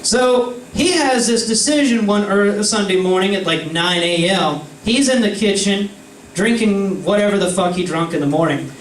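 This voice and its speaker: A man's voice: high voice, moderate pace, a little hiss or hum. A young man swearing freely as he tells friends a rambling anecdote in a casual chat. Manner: profane, rambling storytelling. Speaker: storyteller among friends. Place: indoor room with friends. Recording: roomy, distant mic, faint ambience.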